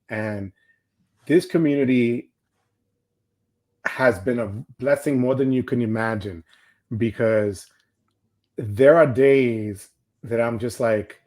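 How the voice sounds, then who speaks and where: A man's voice: mid-range voice, a little mellow. An older retired man hosting a casual livestream chat, heartfelt and rambling, with frequent restarts. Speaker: livestream host.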